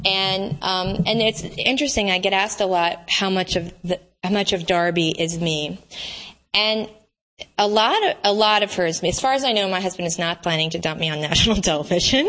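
A woman's voice: mid-range voice, a little fast, fairly bright tone. A woman author reading from her novel and then chatting with a bookstore audience, laughing often and restarting her sentences. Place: bookstore event.

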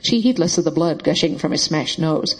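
Breathy, husky male audiobook narrator. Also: fairly high pitch, animated, fairly quick, low-quality recording. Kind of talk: scripted narration.

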